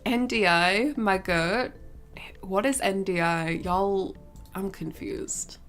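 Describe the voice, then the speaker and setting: Slow-talking giggly young woman streamer. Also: mid-range voice, fairly bright tone. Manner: rambling, giggly, swears casually. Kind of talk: casual live-stream chat. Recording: faint game music behind.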